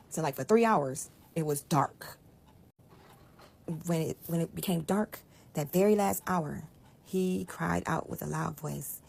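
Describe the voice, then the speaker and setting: A low-pitched woman with a gravelly, husky voice tells a scripture story in casual, conversational talk. She is animated and explains things aloud as she goes. At times her voice sinks to a near whisper. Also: measured pace. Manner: animated, conversational, often drops to a hushed whisper. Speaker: Bible storyteller.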